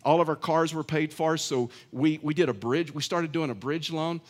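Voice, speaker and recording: A man's voice: on the high side, moderate pace. Man, middle-aged, pastor, conversational sermon, storytelling, restarts often. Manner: chatty storytelling, many restarts.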